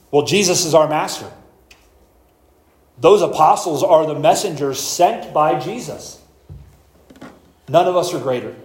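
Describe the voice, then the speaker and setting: A pastor preaching an expository sermon, explaining scripture verse by verse and reading passages aloud slowly. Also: male voice, fairly high pitch, darkish tone, echoey room, rough recording.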